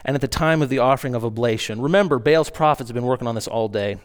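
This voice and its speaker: Male preacher, medium pitch, reads scripture with spoken asides and acted-out emphasis. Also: fast talker, clean tone. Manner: reads scripture aloud, then explains in asides; acts out the mocking lines with rising emphasis. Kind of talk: sermon with scripture reading.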